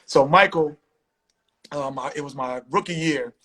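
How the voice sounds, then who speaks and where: Bright, animated male storyteller. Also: a little high, unhurried, slightly rough, poor audio. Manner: animated storytelling, acts out quotes. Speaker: host. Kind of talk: casual live-stream chat.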